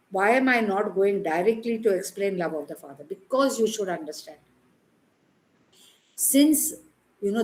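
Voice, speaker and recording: A woman's voice: mid-range voice, darkish tone, rough recording. A woman in her thirties with an Indian English accent, preaching an emphatic sermon and acting out her prayers to God. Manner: emphatic, repeats words for stress.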